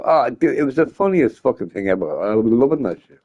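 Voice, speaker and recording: A man's voice: medium pitch, very animated, fast talker, a little mellow, breathy edge, highs cut off. A drunk man rambling and joking crudely while streaming a game. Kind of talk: casual stream chat.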